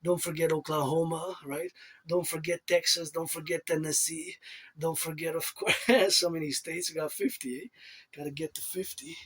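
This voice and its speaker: A man's voice: on the high side, steady tone, moderate pace, husky. A man rambling in a monologue to camera, repeating himself and reeling off places in bursts. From Canada. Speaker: self-styled event organizer.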